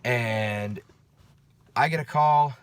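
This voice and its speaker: A man's voice: medium pitch, very slow, smooth, no room sound. Chatty, profane man with a dry voice. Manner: chatty, profane, keeps checking in with "okay?" and "right?". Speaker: night-shift security guard. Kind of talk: casual after-work storytelling vlog.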